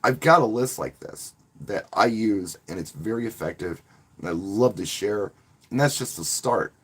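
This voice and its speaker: Man, wedding DJ, casual live stream, husky, lowish voice, rambling and friendly. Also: expressive, normal speed. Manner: rambling, friendly, repeats words when restarting. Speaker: wedding DJ and channel host.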